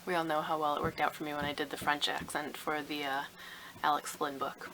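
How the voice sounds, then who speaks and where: A woman's voice: low-pitched, flat delivery, fairly quick, bright, forceful tone, slight background noise, rough recording. A woman giving a chatty, enthusiastic book review in a casual vlog.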